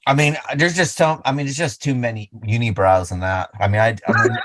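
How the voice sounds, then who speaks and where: A man's voice: mid-range voice, fairly even intonation, fairly quick, a bit bright. A man, a guest host in a casual podcast chat, who rambles and laughs often, with many restarts.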